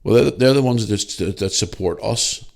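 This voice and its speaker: A man's voice: on the low side, normal speed, gravelly. A man quoting an earnest stammering protester. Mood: insistent. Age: 40s. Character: earnest middle-aged male climate protester.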